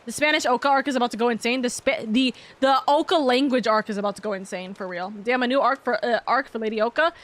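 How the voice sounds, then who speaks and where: High-pitched young woman streamer, loose, playful, rambling chat with frequent swearing. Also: fast, few pauses, fairly bright tone. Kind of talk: casual livestream chat.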